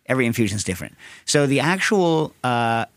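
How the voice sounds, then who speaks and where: A man's voice: medium pitch, a little fast, no room sound. Rambling chatty man, dry close sound. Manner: rambling, tangent-prone, animated storytelling. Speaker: podcast host answering listener questions. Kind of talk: casual chat.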